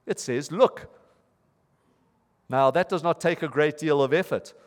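A man's voice: fairly high pitch, a little slow, natural voice. Guy reading out a simple earnest lay preacher, punchy on key words, echoey hall. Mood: emphatic. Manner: emphatic, lifts voice on key words. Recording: reverberant hall.

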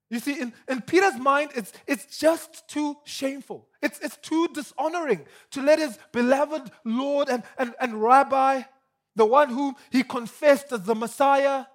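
High-voiced animated male preacher. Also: normal speed. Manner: animated, emphatic, repeats words when excited. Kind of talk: sermon.

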